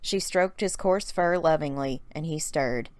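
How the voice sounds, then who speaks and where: A woman narrates a story recap in a calm, gently paced storybook manner. Her voice sits a little low. The recording is dry, with no room sound. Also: measured pace, no room sound.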